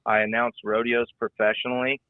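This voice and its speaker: A man's voice: mid-range voice, level tone, fairly quick, no room sound. A middle-aged man, a former rodeo rider and announcer, talking in a rambling, folksy way on a podcast, often repeating his words. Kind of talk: casual podcast conversation. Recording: tinny phone-like line.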